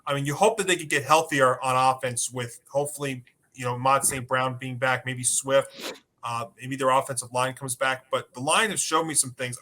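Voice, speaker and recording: A man with a bright, ringing voice talks through football injuries and betting picks in a relaxed podcast chat. He leans on fillers but states his picks with confidence. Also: medium pitch. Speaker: sports podcast co-host. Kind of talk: casual sports betting talk.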